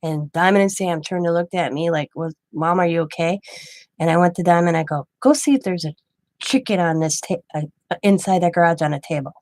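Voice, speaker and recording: Grandmother, craft vlogger, low voice, dry close sound, rambling casual storytelling. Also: fairly quick, a little mellow, no room sound. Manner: rambling, chatty, quoting others in her own voice. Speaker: craft channel host.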